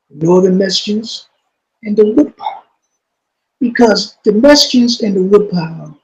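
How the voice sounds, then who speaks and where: A man with a fairly high voice tells a story in an interview. He talks in street slang and repeats himself. He drops to a low, quiet voice when he quotes someone. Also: creaky, low-quality recording. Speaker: interview guest.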